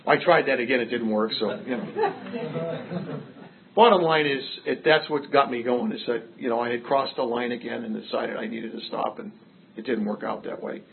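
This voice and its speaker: Older man, recovery speaker, wry storyteller, middle-pitched, lo-fi phone-like audio. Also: brisk, vocal fry, slight background noise. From Massachusetts. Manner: wry storytelling, self-mocking humor. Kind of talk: personal recovery story told to a group.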